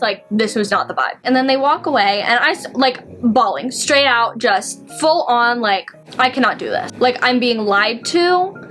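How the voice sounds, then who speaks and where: A young woman tells a personal story straight to her viewers in a loose, chatty vlog voice. Her voice sits a little higher than most, and she strings her sentences together with plenty of "like"s. Faint music plays behind her. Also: bright, forceful tone. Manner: chatty, filler-heavy storytelling with many "like"s. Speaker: vlogger.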